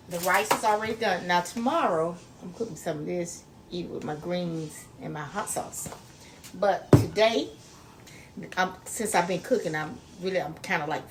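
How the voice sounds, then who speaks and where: A woman chatting folksily to her viewers as she cooks in her home kitchen. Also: medium pitch. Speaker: cooking vlogger. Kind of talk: casual cooking demo chat. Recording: noisy home recording.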